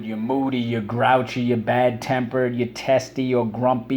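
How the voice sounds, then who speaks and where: A man's voice: medium pitch, normal speed, few pauses. A man teaching a phonics and vocabulary lesson to children, calling out words for them to repeat and explaining how to mark them up. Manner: energetic, calls out words for students to repeat.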